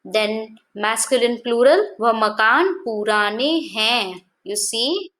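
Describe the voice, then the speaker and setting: Woman teaching slowly, slightly high voice. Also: fairly bright tone, rough recording. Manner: slow, careful explaining with self-corrections and rhetorical questions. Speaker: language teacher. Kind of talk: explanatory lesson.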